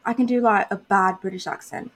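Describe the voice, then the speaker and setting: A woman's voice: mid-range voice, steady tone, fairly quick, husky. A woman co-hosting a podcast in casual chat, giggly, easily flustered and self-deprecating. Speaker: podcast co-host.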